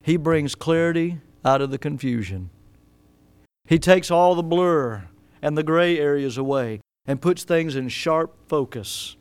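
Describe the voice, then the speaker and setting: High, resonant preacher man, fiery. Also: lively intonation, a little slow, clean tone, no echo. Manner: dramatic swings between loud exhortation and quiet asides. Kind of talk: sermon.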